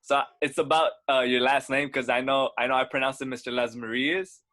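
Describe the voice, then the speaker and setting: A man's voice: mid-range voice, steady tone, fairly quick, sharp tone. A man in his twenties co-hosting a podcast, laid-back and a little hesitant, often repeating words in casual chat. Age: 20s. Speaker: podcast co-host.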